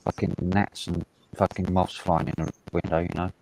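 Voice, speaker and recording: A man's voice: deep voice, flat delivery, normal speed, vocal fry, background noise. A man chatting bluntly on a livestream and swearing freely. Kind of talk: casual livestream chat.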